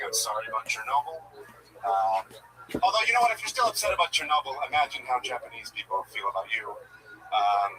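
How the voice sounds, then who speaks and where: Young male comic, halting and self-deprecating, off-mic in a busy club. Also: medium pitch. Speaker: stand-up comedian. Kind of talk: stand-up set and banter. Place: comedy club stage. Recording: distant mic, crowd audible.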